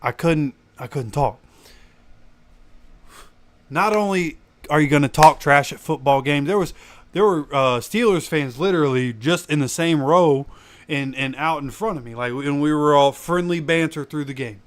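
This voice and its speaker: A man's voice: a little high, moderate pace, dry recording. A man hosting a fan livestream, ranting animatedly and preaching straight at his viewers, his voice still recovering after he lost it. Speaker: fan channel host. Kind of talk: casual livestream rant.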